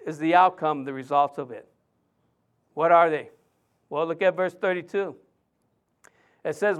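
A man's voice: high-pitched, a bit bright, clear, resonant tone. A man, a pastor, preaching a sermon in church in a conversational way with frequent restarts.

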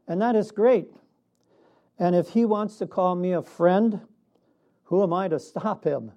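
Slow, mellow-voiced male preacher. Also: high-pitched. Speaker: pastor. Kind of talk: sermon.

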